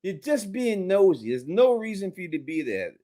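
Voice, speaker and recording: An excitable man with a high voice whose pitch swings all over the place. He laughs often, swears freely and yells out impressions of characters while chatting with his co-host. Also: normal speed. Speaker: podcast co-host. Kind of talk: casual recap chat.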